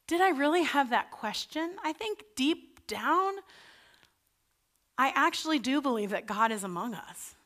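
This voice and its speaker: A woman pastor delivers a sermon in a plain, conversational way. Her voice sits a little high for a woman. It climbs and grows louder whenever she voices a plea or a doubt. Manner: earnest and conversational, voice rising for quoted pleas to God.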